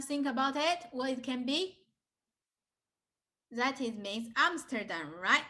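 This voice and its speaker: A woman's voice: on the high side, animated, slow pace, sharp tone. A young woman with a Chinese accent, a native Mandarin speaker teaching a beginner lesson, patiently repeating words and checking with "right?".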